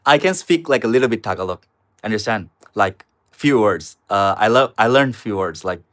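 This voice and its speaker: Young guy w live streaming from his little apartment, chatty, keeps saying guys, lowish voice. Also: expressive, normal speed, a bit bright. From China. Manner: chatty, addresses viewers as guys, answers chat comments. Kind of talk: casual live stream chat. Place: small studio apartment with river view.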